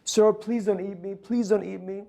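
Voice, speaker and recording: Brief: meek young lion cub, pleading, pitched up and soft, done by a male speaker. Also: fairly even intonation, moderate pace, creaky. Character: timid young male lion raised as a sheep.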